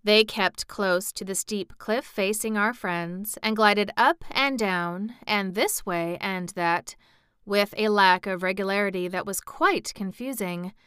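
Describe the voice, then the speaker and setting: Storybook narrator: woman, bright and crisp tone, dry close sound. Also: medium pitch, dry recording. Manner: measured storytelling, lifts voice for quoted speech. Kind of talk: audiobook narration.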